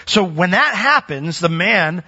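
A man preaching a sermon, animated, with sudden loud swells and soft drops as he retells the story. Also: high voice, unhurried, breathy edge, dull audio.

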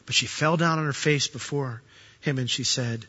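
A man preaching a sermon as pastor, animated and acting out the voices he quotes. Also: mid-range voice, normal speed, slightly rough, lo-fi sound.

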